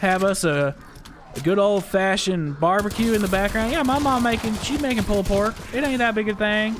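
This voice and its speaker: A man doing a folksy high Southern American drawl. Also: moderate pace, noisy background, lightly acted. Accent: mock Southern American.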